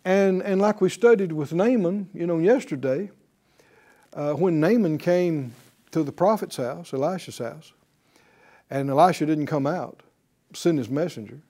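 A man teaching a sermon, asking rhetorical questions and acting out the people in the story. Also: a little high. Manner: animated, acts out quoted voices, rhetorical questions. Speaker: preacher.

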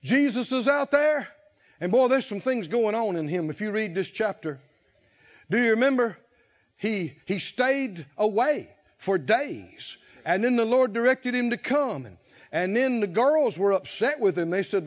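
A man with a very high voice preaches a sermon, drawing out his words slowly and building to fervent shouted lines. The recording is dull and lo-fi, like an old church tape. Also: big pitch swings. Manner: storytelling with rising fervor and shouted lines. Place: church conference hall.

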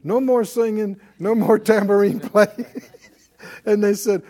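A man's voice: sits high, fairly even intonation, unhurried, dark tone. A man teaching a Bible class in a folksy, emphatic way, leading call and response. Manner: folksy and emphatic, laughing often, acts out quotes.

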